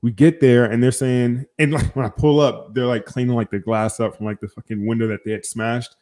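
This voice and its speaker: A young man hosting a podcast, telling a story in casual chat, animated and profane, acting out both sides of phone calls. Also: mid-range voice, brisk. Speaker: podcast host.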